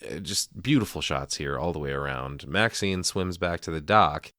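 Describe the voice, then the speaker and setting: A man's voice: a bass voice, sharp tone, dry recording, clean studio sound. A man co-hosting a podcast, talking casually and crudely through a movie scene by scene. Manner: crude, joking, quick asides. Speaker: podcast co-host. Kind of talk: casual movie breakdown chat.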